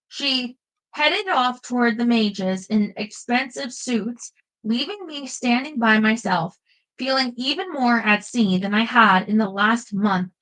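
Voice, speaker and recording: A woman giving a lively first-person audiobook narration. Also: a little high, measured pace, poor audio.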